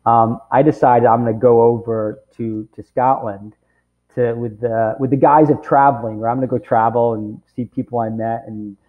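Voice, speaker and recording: A man in his forties, a camp director appearing as a guest, tells stories in a casual interview, rambling and peppering his speech with "you know" and "right?". His mid-range voice stays steady at a normal speed. The audio is tinny, like a phone line.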